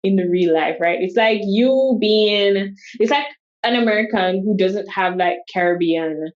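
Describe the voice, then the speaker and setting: A woman's voice: mid-range voice, a little slow, highs cut off. A woman, a guest in a casual interview, telling stories with energy and acting out what people said to her. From Jamaica. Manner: animated storyteller who acts out quoted speech. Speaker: guest, solo travel coach.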